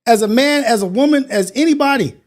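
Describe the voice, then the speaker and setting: High-pitched dude hosting a morning show, earnest and preachy, keeps repeating himself. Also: male voice, a little fast. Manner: earnest, preachy, repetitive phrasing. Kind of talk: motivational monologue.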